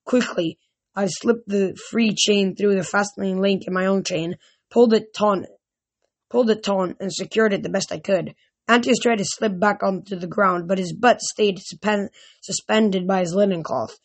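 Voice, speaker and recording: A woman with a voice of middling pitch reads a novel aloud. She stumbles over words now and then and starts over. She raises her voice when characters shout. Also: moderate pace. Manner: reads aloud with frequent slips and restarts. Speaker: reader. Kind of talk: amateur audiobook reading.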